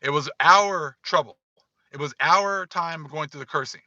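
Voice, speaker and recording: A man's voice: fairly high pitch, normal speed, sharp tone, no room sound, muffled recording. A man giving casual livestream commentary, emphatic and repetitive, talking straight to his viewers. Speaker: online commentator.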